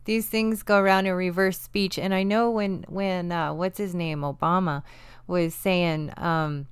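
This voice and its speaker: A woman's voice: on the low side, fairly even intonation, measured pace, clean tone, no room sound, studio quality. A woman co-hosting a casual online show, chatting to viewers with hesitant, agreeable remarks. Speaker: channel co-host.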